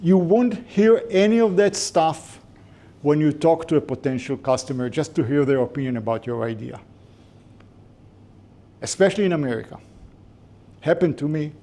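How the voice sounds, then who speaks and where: A male lecturer speaks to a class in a mellow, somewhat high voice. His delivery is conversational and informal, with jokey asides between points. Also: expressive, normal speed, pauses often.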